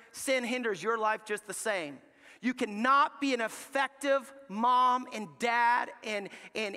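Pastor, male, high and bright voice, animated storyteller, live church reverb. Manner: animated storytelling, acting out family dialogue. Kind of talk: sermon. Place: large church sanctuary.

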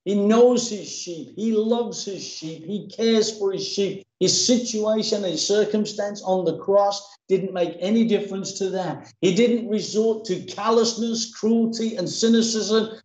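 A man's voice: sits high, measured pace, hardly any pauses, darkish tone, reverberant, muffled recording. A man preaching a sermon as pastor, emphatic and dramatic in his delivery. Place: church.

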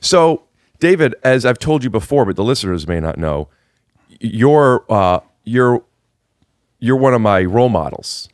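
Recording from his living room on a podcast microphone, a man hosts a podcast, chatting casually with a guest while rambling and restarting his sentences. His voice is on the low side and expressive, at normal speed, with clean studio sound and no room sound.

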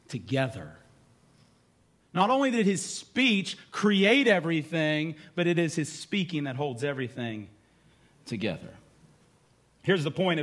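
A man preaching a sermon in church, conversational and candid, his voice dropping low and quiet on key words. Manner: candid asides with fillers. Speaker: pastor.

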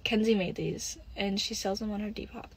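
A young woman on a phone livestream, venting and close to tears, halting, with lots of "like" and "literally" as she reads comments. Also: mid-range voice, fairly even intonation, husky, poor audio. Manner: frequent "like" and "literally", halting and upset. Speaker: livestream host. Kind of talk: casual livestream chat, reading comments.

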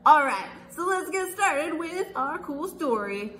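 Bright, sing-song children's librarian woman. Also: sits high, expressive, unhurried. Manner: cheerful, sing-song, kid-directed. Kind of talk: virtual storytime reading.

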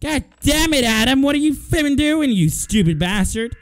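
A young man giving loud, joking commentary while playing a horror game, swearing and laughing often. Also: very high-pitched, expressive, normal speed. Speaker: gaming video host. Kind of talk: let's play commentary. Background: game music.

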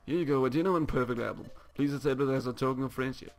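A man's voice: mid-range voice, fast talker, gravelly, lightly acted. A man reading as a smarmy scheming skunk villain. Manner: smarmy, falsely polite. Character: sly scheming male skunk Pokemon villain.

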